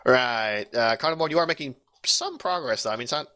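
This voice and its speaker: A man's voice: medium pitch, sharp tone. A man running a tabletop game as game master, joking and rambling with restarts.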